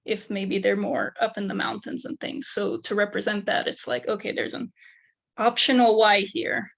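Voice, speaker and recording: A young woman giving an academic research presentation, her voice gravelly with vocal fry. She works through her method methodically, one step after another. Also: medium pitch, flat delivery, normal speed, a bit bright. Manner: methodical, explaining steps one by one. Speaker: undergraduate researcher.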